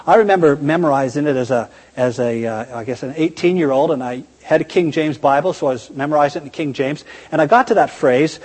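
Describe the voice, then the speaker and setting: A man's voice: a little high, brisk, darkish tone, breathy edge, in a large hall. A man preaching a sermon in a conversational, emphatic way, often posing rhetorical questions.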